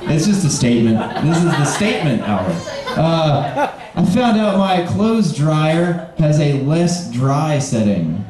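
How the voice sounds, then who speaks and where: A man in his twenties from Kentucky doing a live stand-up set with dry, deadpan one-liners and sarcastic pauses. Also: a little high, a crowd in the background. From Kentucky, USA. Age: 20s. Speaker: stand-up comedian. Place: bar pavilion on stage. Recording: very echoey live room.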